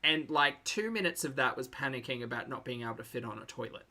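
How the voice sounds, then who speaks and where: Low-voiced woman, wry and laughing. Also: fast, sharp tone. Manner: wry, laughs often, reads chat messages. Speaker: streamer reacting to videos. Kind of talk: casual commentary chat.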